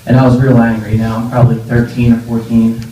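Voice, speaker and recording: A man's voice: medium pitch, monotone, quick pace, warm tone. A young man giving an informal memorial speech, telling fond, rambling stories with many fillers and laughs. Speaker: eulogy speaker. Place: memorial gathering room. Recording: echoey room, voice far from mic, faint noise.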